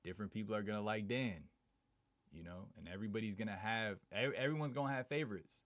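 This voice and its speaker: A man's voice: lowish voice, quick pace, fairly bright tone, no echo. A man live streaming in a casual, slangy way, reading viewer comments aloud and chatting back. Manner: slangy, laid-back, reads chat aloud and answers it.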